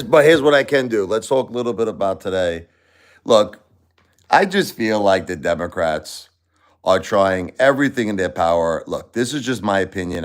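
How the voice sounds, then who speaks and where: A man hosting a casual opinion livestream, rambling and repeating himself in an animated way. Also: lowish voice. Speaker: livestream host.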